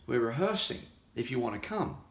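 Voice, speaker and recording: Gravelly Australian man telling stories. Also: medium pitch, a little fast. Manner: animated storyteller acting out quoted voices. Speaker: musician. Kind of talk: casual chat. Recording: echoey room.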